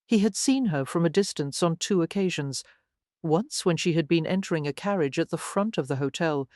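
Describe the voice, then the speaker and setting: A woman's voice: sits low, darkish tone, no room sound. Woman narrating a romance audiobook, dry sound. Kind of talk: scripted narration.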